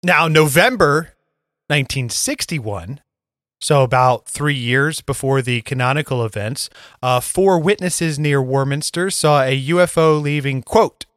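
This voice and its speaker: A man's voice: mid-range voice, a little slow, a bit bright, no echo, clean studio sound. A man co-hosting a podcast in casual chat, laid-back, swearing and filling with "like" and "um". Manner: laid-back, swearing, laughing, lots of fillers. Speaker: podcast co-host.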